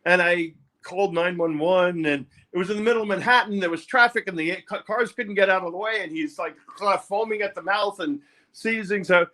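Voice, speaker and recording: Older new guy rambling through a story, kinda high voice, stops and restarts a lot. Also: pushed and bright. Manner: rambling, halting, repeats words. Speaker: interview guest, music producer. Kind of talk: candid personal storytelling.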